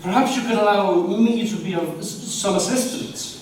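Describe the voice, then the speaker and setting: A man's voice: high-pitched, moderate pace, close to an everyday voice. An actor playing a prim, shy, classically trained young man with an Irish accent, talking in a hesitant, formal, stammering way. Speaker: stage actor. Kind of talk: live stage play acting. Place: theatre stage. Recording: echoey hall from far off, noisy.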